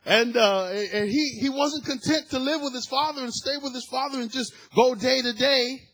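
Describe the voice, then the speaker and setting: A middle-aged man preaches with a high, husky voice. He talks animatedly and slips into other people's voices when quoting them. His energy climbs into loud shouts of praise. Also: normal speed. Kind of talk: sermon.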